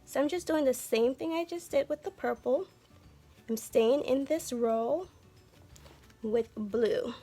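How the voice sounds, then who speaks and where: Woman art teacher for kids, gentle and encouraging, fairly high voice, faint music behind. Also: takes it slowly, long pauses. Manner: gentle, encouraging, talks to viewers directly. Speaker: art instructor. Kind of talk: children's art lesson.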